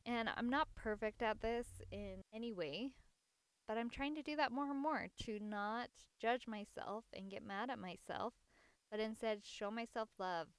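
A woman in her thirties, a mother, telling a personal story in an earnest, reflective way with soft laughs. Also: on the high side, unhurried, clean tone, no room sound. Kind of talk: casual personal testimony.

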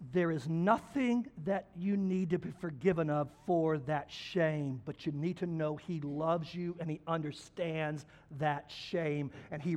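A male preacher with a strikingly high voice delivers his sermon in an animated, folksy manner. He swings from loud, emphatic lines to quiet, hushed ones as he tells homespun stories. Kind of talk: sermon with storytelling.

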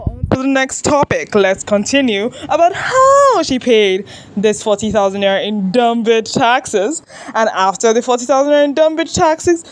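A young woman from Nigeria hosting a solo podcast, talking casually and expressively, mocking herself and swearing freely. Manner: expressive, self-mocking, swears freely, pitch jumps for emphasis. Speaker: podcast host.

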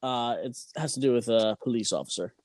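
A man at mid pitch chats casually on a podcast, throwing in short, relaxed reactions with some swearing. His voice is close and dry, with no room sound. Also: fairly quick, dry recording. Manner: relaxed, brief reactions, profane. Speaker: podcast co-host. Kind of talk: casual chat.

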